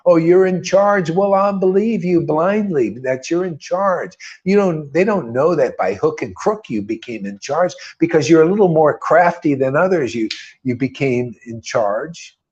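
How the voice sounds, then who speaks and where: A man's voice: on the high side, animated, unhurried, a little mellow, lo-fi sound. A man preaching in a loose, informal way, fervent and rambling, peppering his talk with slang and mocking voices. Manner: mocks others in put-on quoted voices. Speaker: spiritual teacher.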